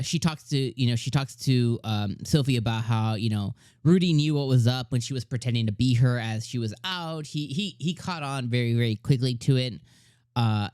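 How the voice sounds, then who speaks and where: Male anime reviewer, casual and excitable, lots of fillers and restarts, dry close sound. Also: mid-range voice, clean tone, dry recording. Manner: retells scenes in slangy paraphrase. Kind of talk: casual spoken episode review.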